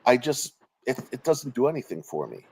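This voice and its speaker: Earnest, halting man on a call. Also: mid-range voice, wildly swooping pitch, vocal fry, a little mellow, slight background noise, rough recording. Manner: halting, with many restarts and trailing phrases; earnest and openly emotional in tone. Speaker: guest. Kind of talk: personal interview over a call. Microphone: remote call connection.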